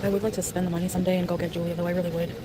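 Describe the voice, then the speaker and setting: A woman's voice: fairly low pitch, little pitch movement, rapid-fire. A woman casually chatting on a live stream, answering her chat messages, in a noisy clip with vehicle noise behind her.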